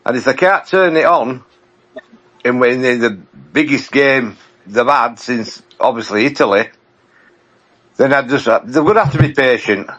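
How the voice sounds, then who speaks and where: A man, a podcast regular, talking plainly in halting casual chat with many restarts. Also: mid-range voice, a bit bright. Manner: plain-spoken, halting, repeats himself.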